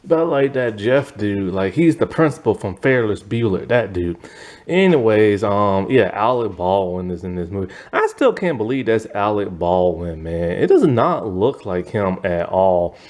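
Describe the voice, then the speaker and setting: A man's voice: lowish voice, big pitch swings, a little slow, darkish tone. A man giving a casual, rambling movie review, opinionated and full of "like" and "man".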